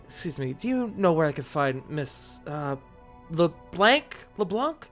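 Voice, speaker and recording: Figure: timid teen half-orc courier, male. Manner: stammering, apologetic, slightly higher voice, put on by a man. Style: tabletop role-play. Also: very animated, measured pace, soft background music. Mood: flustered.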